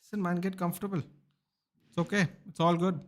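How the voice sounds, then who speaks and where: A man's voice: sits high, little pitch movement, a little fast. A young man chatting casually on a live football watchalong, bantering and answering viewers by name. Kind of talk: casual live-stream chat reading viewer comments.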